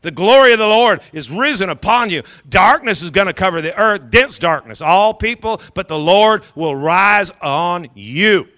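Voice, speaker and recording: A man's voice: high-pitched, animated, normal speed, few pauses, pushed and bright. A man preaching a sermon as pastor to a congregation, fervent and urging, repeating phrases for emphasis.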